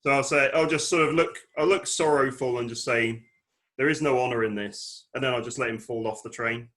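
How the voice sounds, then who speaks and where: Bright-voiced man playing a tabletop game. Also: medium pitch, little pitch movement, brisk. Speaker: player. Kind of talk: casual tabletop play.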